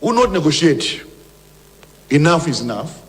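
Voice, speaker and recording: A man's voice: fairly high pitch, very animated, measured pace. A man with a Malawian accent, a government minister giving an emphatic, combative press briefing. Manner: emphatic and combative, with mocking mimicry. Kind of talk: press briefing, mixing English and Chichewa.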